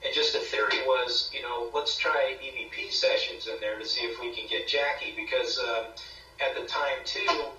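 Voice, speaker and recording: A man guest on a paranormal talk show, casually retelling an investigation in a rambling, animated way and acting out quoted voices. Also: medium pitch, moderate pace, reverberant, distant mic, soft background music, low-quality recording. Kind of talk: casual interview storytelling.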